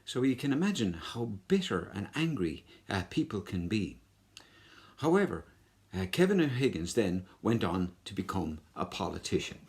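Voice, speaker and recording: A man explains history to children. He talks in a relaxed, halting way with frequent fillers, and his pitch moves in a lively way.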